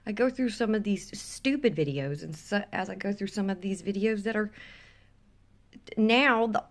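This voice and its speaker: A woman's voice: mid-range voice, moderate pace. A woman with a Southern US accent ranting bluntly and profanely to a phone camera held close at home, dropping into whispers for emphasis. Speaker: vlogger. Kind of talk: blunt opinion rant to camera.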